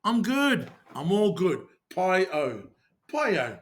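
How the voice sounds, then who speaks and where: A man's voice: high-pitched, big pitch swings, slow pace. A man with a New Zealand accent teaching short phrases, repeating each one and urging listeners to say it like they mean it. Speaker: language teacher. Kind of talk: scripted language lesson.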